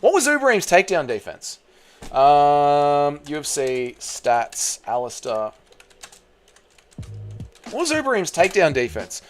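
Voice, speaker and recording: A man's voice: a little high, huge pitch swings, a little slow, pauses often, faint music behind. A man with an Australian accent who streams live, chatting casually with his viewers and swearing freely. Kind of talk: casual livestream reaction chat.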